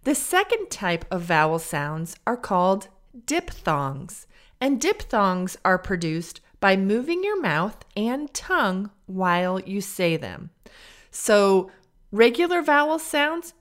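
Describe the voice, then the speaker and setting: Speaking at medium pitch with a General American Midwest accent, this Illinois woman, an English teacher and podcast host, leads a slow and clear pronunciation lesson. Her delivery is careful and deliberate, stretching out the model sounds as a teacher would.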